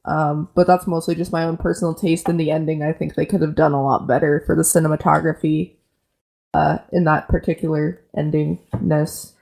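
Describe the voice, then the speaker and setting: A woman with a fairly low voice chatting as a podcast guest. She jokes at her own expense and keeps slipping into quoted reactions. It is loose, unscripted conversation. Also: normal speed, vocal fry. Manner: joking, self-deprecating, animated quoting. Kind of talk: casual chat.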